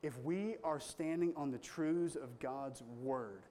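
A man's voice: fairly high pitch, takes it slowly, warm tone, a little hiss or hum. A man pastor preaching a sermon in an earnest, conversational storytelling way with strong emphasis.

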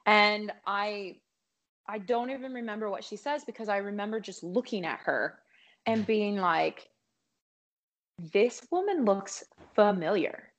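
A woman's voice: mid-range voice, moderate pace, a bit bright. A woman, a singer guest on a podcast, telling a long story in casual chat with many fillers. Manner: chatty, lots of fillers and likes.

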